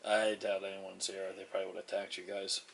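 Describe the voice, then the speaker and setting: A man voicing a calm, watchful male elf in a casual tabletop game. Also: sits low, fast, gravelly, distant mic, crowd noise.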